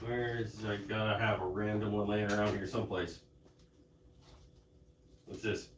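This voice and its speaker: A man's voice: on the low side, fairly even intonation, roomy sound. A man chatting casually and muttering to himself while he sands a piece on a lathe during a live stream. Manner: slow, rambling, self-deprecating muttering while sanding. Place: woodworking shop. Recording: live stream with shop noise behind.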